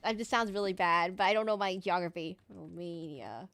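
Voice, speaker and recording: A woman's voice: mid-range voice, fairly even intonation, fast talker, fairly bright tone, clear, resonant tone, soft background music. A woman streaming a game, chatting casually with her viewers in a giggly, rambling way. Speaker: VTuber streamer. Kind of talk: casual livestream chat while gaming.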